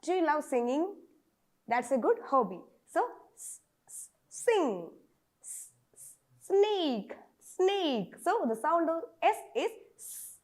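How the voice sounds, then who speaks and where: Kerala lady teaching kids phonics, malayali english accent, really lively sing-song voice, repeats every sound. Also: high-pitched, takes it slowly. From Kerala, India. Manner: drills letter sounds by repeating them.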